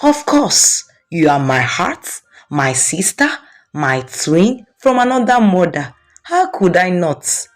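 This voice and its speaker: A woman's voice: fairly low pitch, very animated, takes it slowly. A woman voicing a jealous young woman who sweet-talks her friend while plotting against her. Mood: honeyed. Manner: honeyed, then sneering and spiteful.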